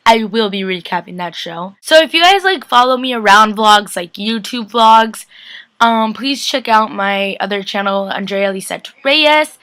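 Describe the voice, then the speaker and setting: A young woman gushing about a TV episode in a casual webcam vlog, chatty and excitable, full of "like" and "guys". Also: medium pitch, moderate pace, no echo. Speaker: TV recap vlogger. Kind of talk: casual chat.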